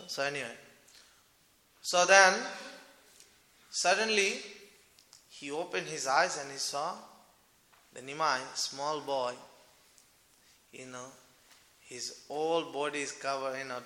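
A man's voice: medium pitch, gravelly, bright, forceful tone. A man telling a devotional story in a loose, conversational way, with frequent fillers. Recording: echoey hall with long reverb.

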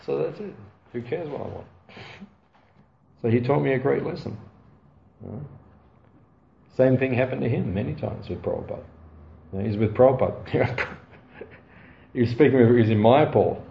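A man giving a storytelling sermon, laughing often and tagging lines with quick asides to his listeners. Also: medium pitch, creaky, warm tone. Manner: anecdotal, laughing often, frequent "right?" asides. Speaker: spiritual teacher. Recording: dull, roomy recording with faint ambient noise.

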